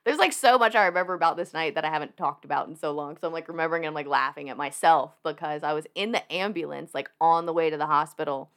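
A woman's voice: low-pitched, quick pace, few pauses. A young woman telling a personal story as a podcast guest, chatty and laughing often, with plenty of fillers. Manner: animated, laughing, lots of fillers. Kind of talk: casual storytelling.

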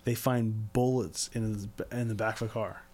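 A man's voice: on the low side, fairly even intonation, normal speed, darkish tone, slight background noise. Crude rambling man telling a story. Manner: rambling, crude, filler-heavy. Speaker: podcast co-host. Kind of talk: casual storytelling chat.

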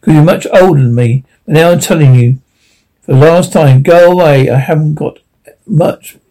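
A man's voice: fairly high pitch, normal speed, dark tone, low-quality recording. A man voicing a young male stag who speaks with tense, held-back anger. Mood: angry. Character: young male stag, fierce but restrained. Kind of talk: audiobook character reading.

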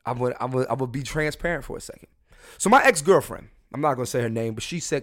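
A man's voice: mid-range voice, animated, racing, fairly bright tone. A young man hosting a solo podcast, talking in a crude, rambling, jokey way with lots of swearing and restarts. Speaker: podcast host.

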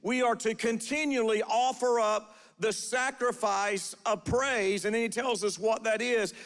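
A pastor preaches in a church sanctuary with an extremely high, steady, unhurried voice that is fairly bright and smooth, carrying a big-room sound. He delivers prophetic declarations and calls on the congregation to respond. He repeats phrases and often opens them with a filler "uh".

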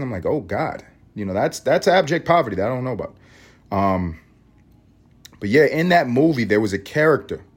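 Husky, profane podcast host ranting. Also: male voice, medium pitch. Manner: profane, rambling, animated. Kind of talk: solo podcast rant.

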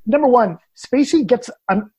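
Husky man ranting about a film. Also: extremely high pitch, normal speed. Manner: animated, opinionated ranting. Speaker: guest film critic. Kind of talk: casual podcast chat.

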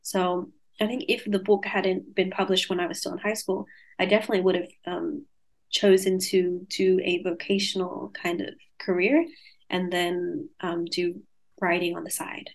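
A woman's voice: lowish voice, little pitch movement, moderate pace. A woman in her twenties with an Australian accent tinged with Californian, talking reflectively as a guest over a video call, with many fillers and restarts. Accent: Australian with a light Californian tinge. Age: 20s. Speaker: guest author.

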